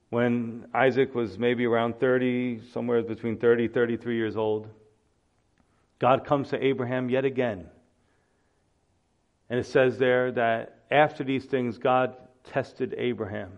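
Male pastor giving a lively storytelling sermon; average pitch, slightly dull recording. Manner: animated storytelling preacher, acts out voices.

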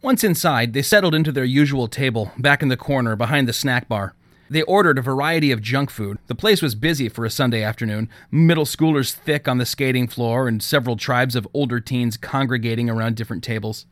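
A man reading an audiobook in scripted narration, with a steady, even storytelling manner on a close studio mic. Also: mid-range voice, a little fast, no room sound.

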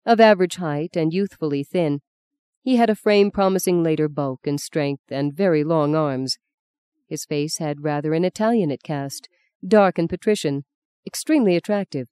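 Mellow, smooth audiobook narrator. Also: mid-range voice. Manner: measured, even storytelling. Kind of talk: scripted literary narration.

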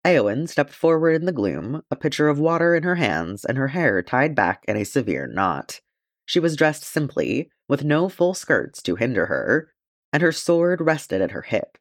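A man narrating a fantasy fan fiction chapter as an audiobook, in an expressive, steady storytelling way. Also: medium pitch, moderate pace, no echo, clean studio sound.

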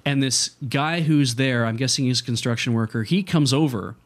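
A man's voice: medium pitch, moderate pace. A man casually telling a childhood story on a podcast, acting out the voices of people in it and laughing often. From Canada.

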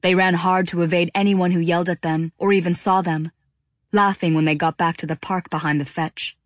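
A woman narrating an audiobook with a steady, even reading. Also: on the low side, brisk, no room sound, studio quality. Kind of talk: scripted narration.

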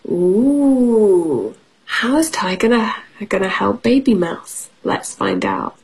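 A woman's voice: medium pitch, lively intonation, slow pace, slightly rough, low-quality recording. A woman teacher reading a picture book aloud to children, encouraging them and asking questions. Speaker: English teacher.

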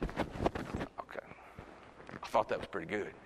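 A man, preaching a sermon as pastor. He swings from loud shouts to hushed asides. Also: sits low, takes it slowly, in a large hall, a little hiss or hum. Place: church sanctuary.

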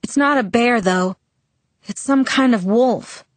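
A woman reading the lines of a frightened teenage girl, her voice high and unsteady. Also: unhurried, no room sound, close to an everyday voice. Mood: shaken. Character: shaken teenage girl, scared and tearful.

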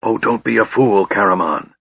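A man voicing a frail, bitter young male mage who talks in a sharp, scornful way. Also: fairly low pitch, moderate pace, husky, no echo, phone-quality sound.

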